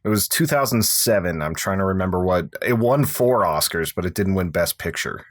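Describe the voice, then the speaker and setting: A man with a very low voice chats casually about a film, offering measured, thoughtful points. The recording is dry and close to the mic. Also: lively intonation, dry recording. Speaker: podcast co-host. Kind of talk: casual film review chat.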